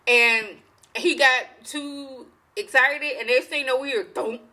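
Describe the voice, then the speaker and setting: A woman chatting through a show recap with a bright, forceful tone and a slightly high voice. She tells it loosely and animatedly, full of slang and asides, as if gossiping with a friend. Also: measured pace, poor audio. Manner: animated, slangy storytelling, acts out characters. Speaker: TV show reviewer. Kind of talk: casual spoken recap.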